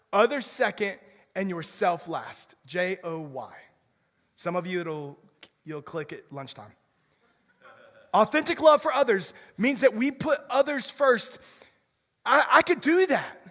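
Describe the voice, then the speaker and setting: A young man preaching a lively sermon as pastor, often repeating words as he restarts a sentence. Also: high voice. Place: church sanctuary. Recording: long reverb of a church hall.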